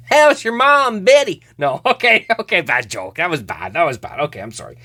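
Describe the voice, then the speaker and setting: A man's voice: medium pitch, huge pitch swings, a little fast, pushed and bright, husky. A man hosting a casual card-opening show, chatting, laughing often and stumbling over names. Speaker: host.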